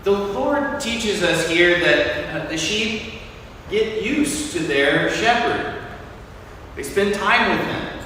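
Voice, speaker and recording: A man preaching a sermon as a priest, telling a story in a relaxed, conversational way with frequent fillers. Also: high voice, slow, a little hiss or hum. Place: large church. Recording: echoey church hall, from far off.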